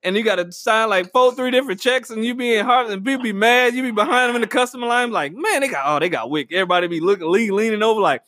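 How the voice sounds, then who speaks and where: A man's voice: high-pitched, fast, few pauses, dry recording, studio quality. A man hosting a podcast with a casual comedic monologue, full of slang, and acted-out quotes. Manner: animated, slangy, acts out quotes with laughter. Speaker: podcast host.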